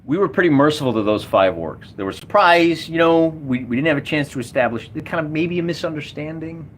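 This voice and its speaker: Guy narrating his solo tabletop game, rambly and excited, voice bouncing all over, faint hiss in the background. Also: a little high, brisk. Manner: enthusiastic, rambling with restarts. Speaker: solo wargamer running a game. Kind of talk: casual game commentary.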